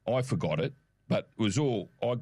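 A man with an Australian accent, co-hosting a casual show and telling a lively shopping story, acting out the voices in his quotes. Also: lowish voice, moderate pace, breathy edge, dry recording. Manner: animated, acts out quoted voices. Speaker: podcast co-host.

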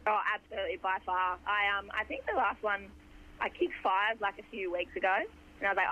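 Hoarse Australian woman on a phone line. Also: mid-range voice, brisk, pushed and bright, slight background noise. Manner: chatty, rambling with fillers. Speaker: footballer guest. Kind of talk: phone interview.

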